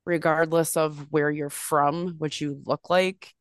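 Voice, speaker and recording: A woman co-hosting a casual podcast, chatting and storytelling in an animated way, swearing freely and acting out quotes in a higher voice. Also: takes it slowly, clean tone, no room sound, studio quality. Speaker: podcast co-host.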